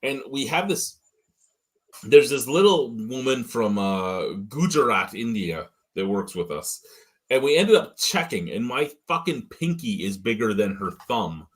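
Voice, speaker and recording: A man co-hosting a beer review live stream, telling loud, profane stories in casual chat. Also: mid-range voice, measured pace, slightly rough. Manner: loud, profane, animated storytelling. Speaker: beer review podcast co-host. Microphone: headphones and mic at home.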